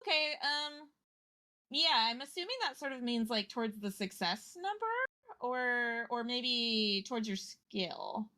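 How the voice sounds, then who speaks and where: A woman's voice: fairly high pitch, lively intonation, a little slow, sharp tone, dry recording. A woman acting as game master, thinking aloud through the rules and narrating the action, with frequent fillers and restarts. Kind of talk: running a tabletop game.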